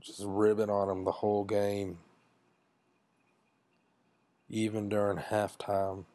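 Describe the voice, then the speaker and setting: Man, low voice, casual comic storyteller, rambling, crude, self-mocking. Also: monotone, slow pace, dark tone, no room sound.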